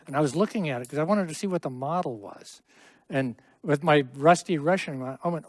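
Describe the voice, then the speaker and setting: A man's voice: a little high, brisk, dry recording. Chatty middle-aged man teaching a class. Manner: chatty, explains with asides and jokes. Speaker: Hebrew teacher. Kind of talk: classroom lesson.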